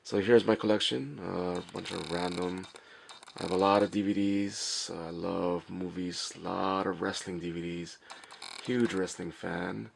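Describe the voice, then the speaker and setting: A young man speaking quietly and in a monotone, with many fillers, as he shows his toy collection in a messy room late at night. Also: sits low, a little slow, gravelly, slight background noise. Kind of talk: casual walkthrough vlog.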